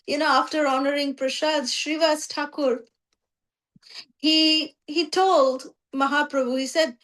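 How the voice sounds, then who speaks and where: A woman with a high voice teaching a scripture story class. She narrates animatedly, slipping into voices and leaning on 'you know'. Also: steady tone, a little slow, a bit bright. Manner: frequent 'you know' fillers.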